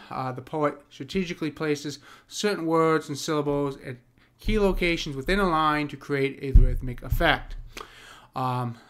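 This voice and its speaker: A man teaching poetic meter in an unscripted explainer, pausing with many ums and restarts as he works through ideas. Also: fairly high pitch, a bit bright, smooth. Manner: taps out rhythms aloud as da-dum. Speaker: poetry teacher.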